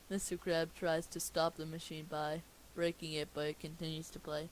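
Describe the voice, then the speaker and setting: A man's voice: fairly high pitch, monotone, normal speed, hardly any pauses, poor audio. A man reading a cartoon movie script aloud as comedy, stopping now and then to question the script. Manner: reads stage directions aloud, stops to question the script. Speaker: script reader. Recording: faint hiss behind.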